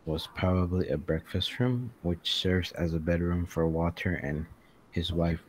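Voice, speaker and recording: A male student reads stage directions aloud in class, stumbling now and then over the words. His voice is very deep and almost flat, and he reads slowly. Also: a little hiss or hum, low-quality recording. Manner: halting, stumbling reading.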